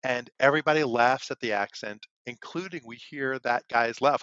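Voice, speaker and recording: A man's voice: mid-range voice, fairly quick, a bit bright, no echo. A man co-hosting a podcast who tells stories casually and rambles. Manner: rambling, with frequent fillers. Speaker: podcast co-host. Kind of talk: casual chat and storytelling. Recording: dull, lo-fi and dry.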